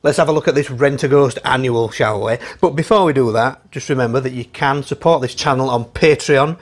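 A man's voice: mid-range voice, fairly quick. A man hosting a retro TV channel, interviewing a guest and presenting in an upbeat, friendly way. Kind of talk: interview and vlog talk.

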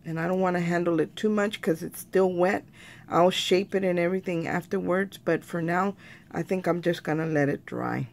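A woman explains a craft project step by step in a relaxed, chatty way, often turning to her viewers as "you guys". Her voice sits a little low and carries a gravelly fry. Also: normal speed. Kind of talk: casual craft tutorial.

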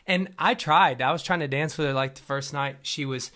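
A man's voice: on the high side, normal speed, pushed and bright. A young man co-hosting a casual faith podcast, joking and laughing often as he talks. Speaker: podcast co-host.

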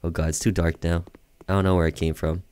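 A man giving let's-play commentary on a horror game, with joking, deadpan sarcastic asides. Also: sits low, fast talker, clear, resonant tone. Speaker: gaming video creator.

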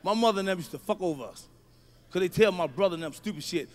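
A man doing stand-up comedy, telling profane, animated stories and acting out shouts. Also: high voice, fast. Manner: profane, loud, animated storytelling with acted-out shouts.

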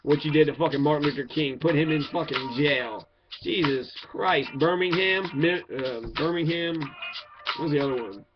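Speaking at a normal speed, this Kentucky political commentator has a somewhat high voice and rants angrily, cursing and calling out his target by name. The recording sounds dull and lo-fi, with music clearly audible underneath.

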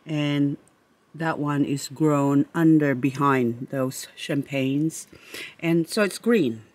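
A woman vlogging among her succulent shelves on a handheld camera, chatty and excitable, rambling and talking to her plants. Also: low voice, takes it slowly. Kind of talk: casual plant-tour vlog. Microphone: handheld camera she moves around.

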